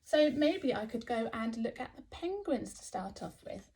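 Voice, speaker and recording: An early years teacher with an English accent teaches phonics to young children, slowly sounding out letters and offering frequent, encouraging praise. Her voice is on the high side, sing-song, and a little mellow.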